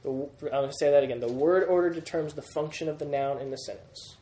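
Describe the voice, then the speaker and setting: A man's voice: on the high side, fast talker, dark tone. Man teaching grammar in an echoey classroom. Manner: patient, repeats key points and checks understanding. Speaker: Greek teacher. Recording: roomy classroom sound.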